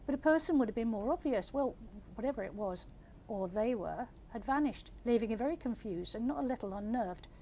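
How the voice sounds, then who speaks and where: Older female author, gentle measured reader at a live event. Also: on the high side, animated, slight background noise. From England. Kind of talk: reading aloud then audience Q&A.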